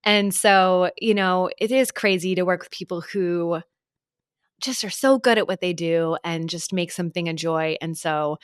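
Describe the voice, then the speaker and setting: A woman's voice: on the low side, moderate pace, clean tone, no echo. Reflective woman podcast co-host, dry mic. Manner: warm, reflective, affirming. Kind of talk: casual chat.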